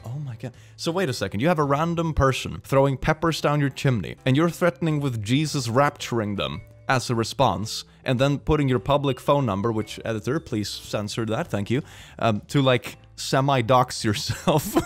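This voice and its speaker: A man's voice: mid-range voice, lively intonation, moderate pace, faint music behind. A young man reading posts aloud and reacting with sarcastic comments, laughing often. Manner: sarcastic, laughs often, puts on silly voices. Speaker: reaction video host.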